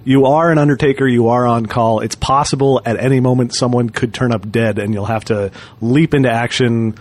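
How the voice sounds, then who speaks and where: A man's voice: medium pitch, fairly even intonation, fairly quick, a little mellow. Man hosting with wry banter. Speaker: podcast host. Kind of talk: casual chat.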